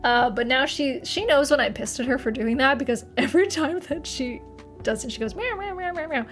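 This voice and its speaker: A woman's voice: high voice, brisk, fairly bright tone, soft background music. A young woman streamer chatting casually to her live audience, rambling, swearing freely and laughing often.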